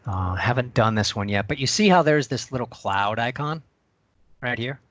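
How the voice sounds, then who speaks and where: A man on a video call sharing his screen and walking through a software demo step by step in a chatty way. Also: medium pitch, lively intonation, moderate pace, no room sound. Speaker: co-presenter.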